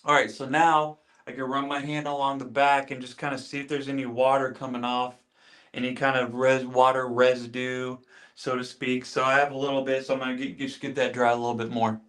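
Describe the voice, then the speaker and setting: Fairly quick and flat in delivery, this man's medium-pitched voice is a bit bright. He hosts a casual livestream where he demonstrates beard care, chats with viewers, calls out names in greeting, and repeats his phrases.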